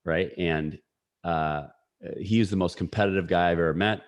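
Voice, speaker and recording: Low-voiced man in his forties. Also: normal speed. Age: 40s. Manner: energetic, story-driven talk with frequent fillers. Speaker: podcast guest. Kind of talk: casual storytelling.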